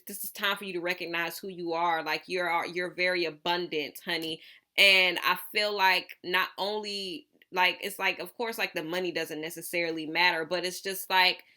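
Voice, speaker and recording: Bright-voiced woman rambling through a tarot reading. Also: fairly low pitch. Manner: rambling, filler-heavy, calls viewers honey. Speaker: tarot reader. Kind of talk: casual channeled tarot reading.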